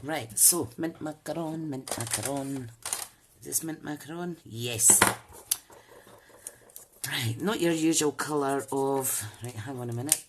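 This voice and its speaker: A woman's voice: rumbling low, measured pace, long pauses, very noisy. A woman hosting a live crafting demo, chatting and thinking aloud as she works and greeting viewers by name. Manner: chatty, rambling, thinks aloud while working. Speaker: crafting channel host.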